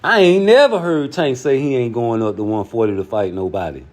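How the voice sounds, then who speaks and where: A man hosting a casual commentary show, talking in a profane, emphatic way that jumps high when he gets heated. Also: a little fast. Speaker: show host.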